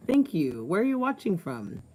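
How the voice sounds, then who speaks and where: A woman's voice: medium pitch, big pitch swings, moderate pace, dark tone, a little hiss or hum. A woman co-hosting a casual livestream outdoors at home, chatting, laughing often and reading out viewer comments. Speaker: livestream co-host.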